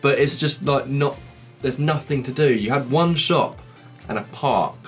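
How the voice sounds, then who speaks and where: A man from England telling stories in a relaxed, casual podcast chat. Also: medium pitch, unhurried, faint music behind. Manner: relaxed storytelling. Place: shed studio.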